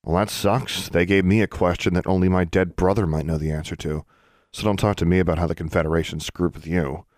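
A man voicing a sharp-tongued, defiant teenage witch girl, blunt and snappish in an audiobook. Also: sits low, fairly even intonation, a little fast, no room sound, clean studio sound, lightly acted. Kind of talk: audiobook character voice.

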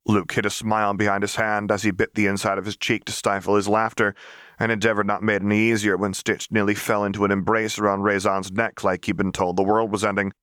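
A man calmly reading an audiobook as narrator, in an even, storytelling manner. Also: on the low side, brisk, dry recording, studio quality. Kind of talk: scripted narration.

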